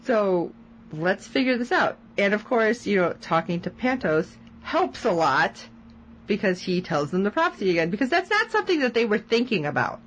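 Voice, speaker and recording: A woman's voice: medium pitch, a little fast, slight background noise, rough recording. A woman co-hosting a podcast, chatting casually as she recaps a TV episode and acts out quoted lines. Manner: animated, retells scenes with quoted lines. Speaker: podcast co-host.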